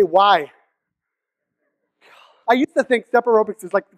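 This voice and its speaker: High-voiced joking male speaker. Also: dry recording. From Seattle area. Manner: joking and playful, acts out silly voices. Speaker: conference speaker. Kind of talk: comedic keynote talk. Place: conference hall stage.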